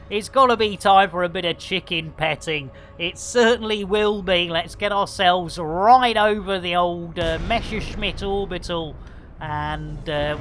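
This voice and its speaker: A man's voice: high-pitched, a bit bright, a little hiss or hum. A man commentating his live game stream with jokey, punning banter for his viewers.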